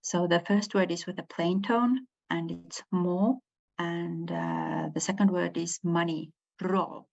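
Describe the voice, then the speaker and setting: A woman giving a university lecture, hesitant, with many pauses and fillers. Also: on the low side, fairly even intonation, gravelly. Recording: dull lo-fi recording.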